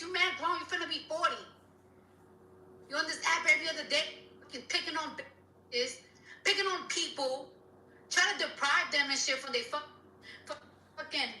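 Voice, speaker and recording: Furious high-voiced woman ranting. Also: pushed and bright, roomy sound, distant mic, a little hiss or hum, low-quality recording. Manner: furious, profane, repeats herself. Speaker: rapper. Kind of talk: angry rant on social media.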